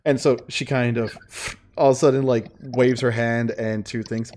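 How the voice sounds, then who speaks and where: A game master narrating a tabletop game in a casual, profane, animated way. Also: medium pitch, normal speed, a little hiss or hum.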